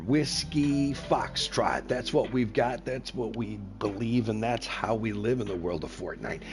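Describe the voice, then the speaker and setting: On a gaming live stream with music in the background, a self-described grandpa talks at a normal pace in a lowish voice. He's folksy, rambling, and earnest, now and then sliding into the patter of a radio announcer.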